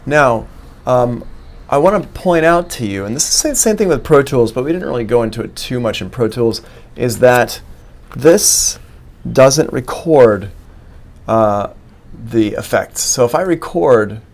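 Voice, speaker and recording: A man's voice: medium pitch, animated, measured pace. A man giving a live-streamed music production lesson, explaining steps on screen one by one into a studio microphone. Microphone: studio microphone plugged into an interface.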